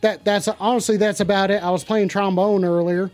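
Brash high-voiced man hosting a joke call-in show. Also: little pitch movement, fairly quick, darkish tone, faint music behind. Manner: brash, profane, hyped-up announcing. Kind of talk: comic stream call-in bit.

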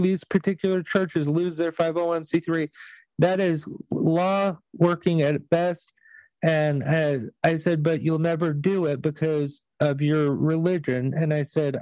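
A man's voice: on the high side, a little mellow, dry recording, low-quality recording. A man hosting a podcast, telling stories in casual chat with blunt, profane language. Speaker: podcast host.

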